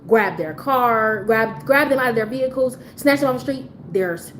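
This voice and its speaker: A woman's voice: a little high, moderate pace, a little hiss or hum, rough recording. A woman giving a blunt, profane commentary rant on a live stream, talking in an incredulous tone.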